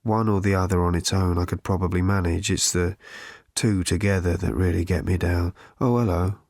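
A male narrator voicing an ancient, rusted, gloomy robot with a croaking, hollow rattle, speaking slowly and self-pityingly. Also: deep voice, fairly even intonation, darkish tone, no room sound, clean studio sound, pitched below the performer's own voice. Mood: mournful. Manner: slow, mournful, self-pitying.

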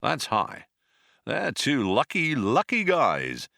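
A swaggering spaceship captain, as a male narrator puts him on drawls loud and careless, acting dumber than he is. The voice swoops up and down a lot, with a bright, sharp tone. It is recorded close and dry. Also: medium pitch, huge pitch swings, slow pace, gravelly, dry recording, full character voice. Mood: offhand. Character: vain, scatterbrained male spaceship captain, playing dumb.

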